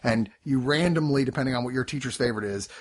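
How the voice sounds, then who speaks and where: A man's voice: mid-range voice, fast talker. A man co-hosting a casual chat about a TV series, rambling, swearing and laughing as he acts out quotes. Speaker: podcast co-host reviewing a TV series.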